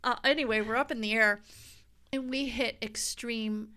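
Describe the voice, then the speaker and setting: Middle-aged woman guest with a bright, clear voice, a fairly high pitch, an animated storyteller. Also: normal speed. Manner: animated, laughs often, acts out quotes. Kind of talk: casual storytelling.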